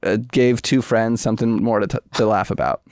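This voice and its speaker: A man's voice: a little fast, smooth, no room sound, studio quality. A man co-hosting a comedy podcast, telling rambling stories in casual chat. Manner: rambling storyteller, bursts of high-pitched excitement. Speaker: podcast co-host.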